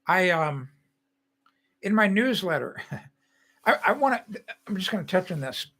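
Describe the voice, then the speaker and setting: Bright-voiced older man chatting. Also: high-pitched, sing-song, slow pace, pauses often. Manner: chatty, rambling, opinionated, with many restarts. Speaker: host. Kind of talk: casual live-stream talk.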